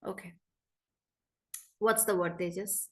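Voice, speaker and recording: A woman teaching English in an online class over a video call, brisk and chatty, calling on students by name. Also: medium pitch, fairly even intonation, darkish tone.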